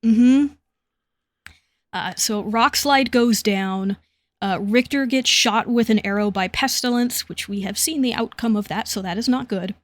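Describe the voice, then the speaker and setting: Woman, podcast co-host, casual recap, slightly high voice, dry close sound. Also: unhurried, no room sound. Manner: relaxed, narrates plot with light laughs. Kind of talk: casual comic recap chat.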